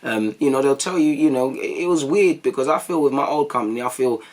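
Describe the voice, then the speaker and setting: A young man, a vlogger telling stories to his viewers in a casual, animated way, full of slang and acted-out quotes. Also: mid-range voice, fairly quick. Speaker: YouTube vlogger.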